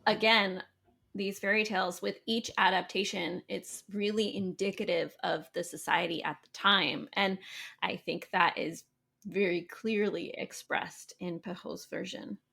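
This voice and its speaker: A woman co-hosting a podcast with a gravelly, fry-edged voice. Her tone is bright and forceful. She chats casually and agreeably, backing up her co-host. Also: mid-range voice, fairly even intonation, measured pace. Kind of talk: casual chat.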